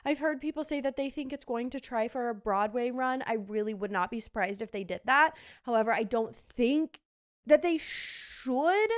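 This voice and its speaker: A woman's voice: fairly high pitch, lively intonation, moderate pace. A young woman hosting a podcast, chatting casually and gushingly about theater shows with lots of fillers. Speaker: podcast host. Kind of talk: casual theater review chat.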